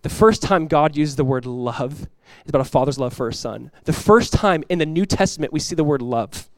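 A male pastor delivers an animated sermon, moving between fast asides and acted-out voices from the story. His voice sits a little high for a man. The sound is dry and close, with little room around it. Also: no room sound. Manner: animated preaching, acts out quoted voices, laughs. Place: church.

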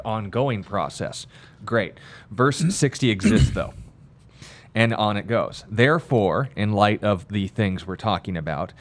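A man leading a Bible study discussion, reading scripture aloud with pointed emphasis and then explaining it. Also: fairly low pitch. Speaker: Bible teacher.

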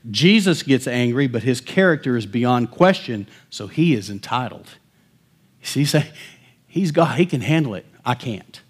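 A middle-aged male pastor preaching a sermon, telling a story and swinging from hushed, quiet lines to loud, emphatic ones. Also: mid-range voice, lively intonation, a little slow, husky.

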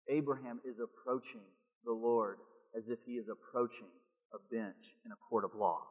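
A man's voice: mid-range voice, fairly even intonation, normal speed, slightly rough. A man preaching a sermon in a conversational, emphatic way, often asking his listeners questions. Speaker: pastor. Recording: dull echoey hall.

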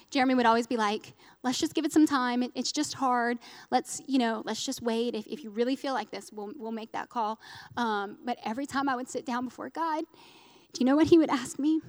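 A woman's voice: a little high, fairly even intonation, a little fast, in a large hall. Earnest woman giving an emotional testimony. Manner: earnest, emotional storytelling with restarts. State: close to tears. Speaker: speaker at a church gathering. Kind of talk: personal testimony sermon.

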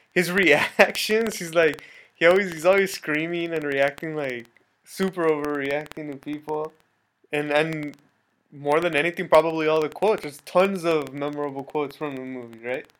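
A man's voice: fairly high pitch, fairly bright tone, low-quality recording. A young man co-hosting a podcast, talking casually and thinking aloud with some hesitation. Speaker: podcast co-host. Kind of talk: casual chat.

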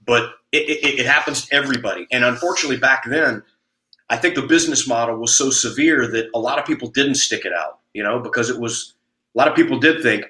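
A man's voice: mid-range voice, fast, sharp tone, roomy sound, poor audio. A man and jiu-jitsu coach telling stories in casual chat, blunt and profane, with frequent stammered restarts. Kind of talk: storytelling in casual podcast chat.

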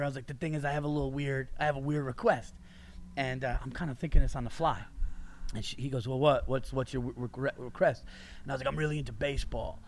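A man's voice: mid-range voice, fairly even intonation, fast talker. A man hosting a comedy podcast, telling loose, profane stories and laughing hard. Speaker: podcast host. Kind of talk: casual comedy podcast chat. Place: festival podcast recording.

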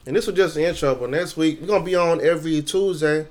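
A man co-hosting a casual podcast, relaxed and teasing, speaking bluntly with slang and swearing. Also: on the high side, quick pace. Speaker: podcast co-host. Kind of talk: casual chat.

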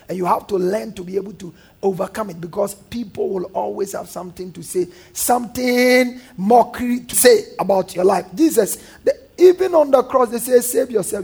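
Husky high-voiced preaching man. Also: expressive, normal speed, few pauses, a little mellow. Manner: preaching with call-and-response and mocking voices. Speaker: pastor. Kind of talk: sermon.

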